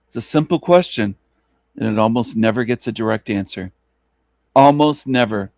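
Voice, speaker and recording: A man at mid pitch ranting in a scornful solo monologue, mocking and insulting his listeners and laughing at them. He fires off rhetorical questions as the host of an online radio show. The sound is dry and close, with no room around it. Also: moderate pace, no room sound.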